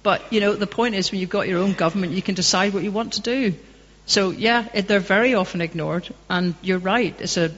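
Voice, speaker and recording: Woman, from Northern Ireland, passionate Q&A answers, muffled sound, hall reverb. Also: mid-range voice. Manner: conversational, anecdotal and passionate. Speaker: guest speaker. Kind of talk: public talk Q&A. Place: public hall. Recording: dull echoey hall recording.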